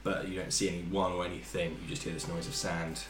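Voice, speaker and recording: A man's voice: sits low, flat delivery, brisk. Man narrating a tabletop game in an echoey room. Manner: hesitant narration with fillers and restarts. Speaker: game master. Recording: echoey room with background noise.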